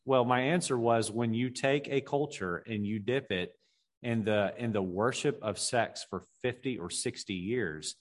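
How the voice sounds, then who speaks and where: A man of middle pitch co-hosts a relaxed Bible discussion. He keeps his points short and emphatic, summing up what has been said. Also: a little slow. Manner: brief, emphatic agreement and summing-up. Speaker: co-host.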